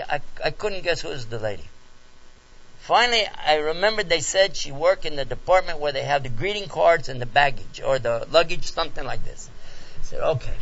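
A man speaking at a talk, telling a personal story in an animated way and acting out the scenes. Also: on the high side, normal speed. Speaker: lecturer answering questions. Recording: dull lo-fi recording.

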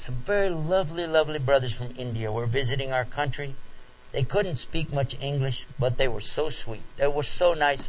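A man speaking at a talk, telling a personal story in an animated way and acting out the scenes. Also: mid-range voice, slight background noise. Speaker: lecturer answering questions. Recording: dull lo-fi recording.

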